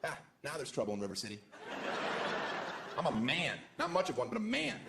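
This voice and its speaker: A man's voice: a little high, wildly swooping pitch, a little fast, vocal fry, heavy background noise. A man from the United States doing a stand-up comedy set on stage, delivering sarcastic, provocative punchlines with sudden jumps into exaggerated voices. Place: stage in a large venue before a live audience. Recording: roomy live hall with loud crowd. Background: audience laughter and applause.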